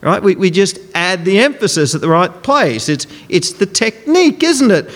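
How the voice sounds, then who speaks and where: A man's voice: high-pitched, sing-song, a little fast, few pauses. Emphatic man preaching in a reverberant hall. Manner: conversational, emphatic, acts out quotes. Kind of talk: sermon.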